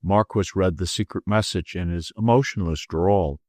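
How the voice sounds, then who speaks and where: A man with a lowish voice narrates a classic detective story in the first person, steady and measured. The sound is dry and close to the mic with no room echo. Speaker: audiobook narrator.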